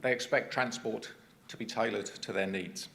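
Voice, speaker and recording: A man's voice: lowish voice, fairly even intonation, moderate pace, creaky, fairly bright tone. An English man presenting at a conference, chatty with self-deprecating asides. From England. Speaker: conference speaker.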